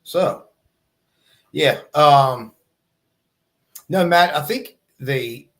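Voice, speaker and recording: Man, police officer guest; casual and measured, hesitant with fillers. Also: fairly high pitch, fairly bright tone. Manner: halting, lots of fillers, measured, sees both sides. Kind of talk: casual livestream chat.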